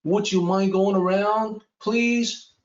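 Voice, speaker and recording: A man voicing an angry boatman who shouts in alarm at another boat. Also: steady tone, slow pace. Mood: alarmed shouting. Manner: yelling, raised and high. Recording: echoey room, dull sound.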